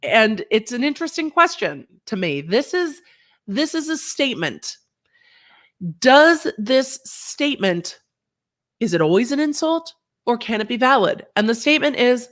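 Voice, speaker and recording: Speaking at normal speed in a high voice, a woman hosts a casual livestream, chatting animatedly and reading aloud from the chat. She sounds a bit unwell, dealing with a sinus infection.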